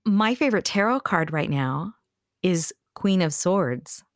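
A chatty woman co-hosting a casual podcast, with a low voice. She sounds enthusiastic and laughs often. The recording is dry and close. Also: expressive, measured pace, no echo. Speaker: podcast co-host.

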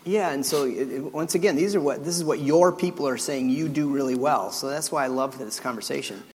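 A man's voice: mid-range voice, a little fast, a little mellow. A man interviewing a guest on stage, encouraging him with probing questions. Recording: long reverb of a hall.

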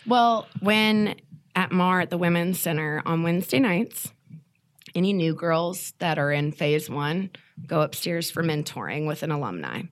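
A woman's voice: fairly low pitch, expressive, a little slow. A young woman in a candid podcast interview, talking casually with lots of "you know" and "like.". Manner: casual, chatty, many fillers like "you know". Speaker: guest, program alumna.

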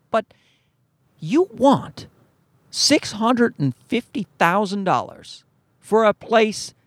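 A man's voice: very high-pitched, vocal fry, fairly bright tone, no room sound. A man telling a story to his viewers as a profane, exasperated rant. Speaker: vlogger. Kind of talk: ranting storytime.

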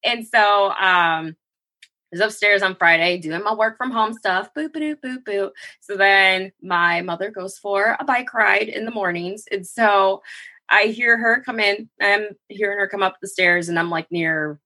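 An animated woman co-hosts a podcast from a video call, telling a story loosely and laughing often. Her voice is bright and forward, with a husky grain. She swings up into high voices now and then. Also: measured pace. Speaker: podcast co-host. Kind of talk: casual storytelling chat.

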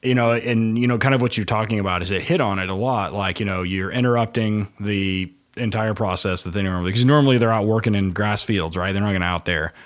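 A man's voice: on the low side, fast, few pauses. A man who handles working dogs, talking casually and rambling with many fillers as he acts out what others say. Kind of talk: casual podcast talk.

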